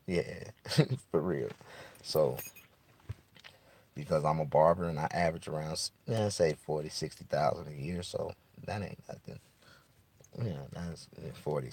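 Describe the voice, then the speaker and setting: A man's voice: extremely low pitch, a little mellow, slightly rough. A man, a barber and comedian, ranting freestyle in his car in a rambling, profane, boastful way. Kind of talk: improvised casual rant.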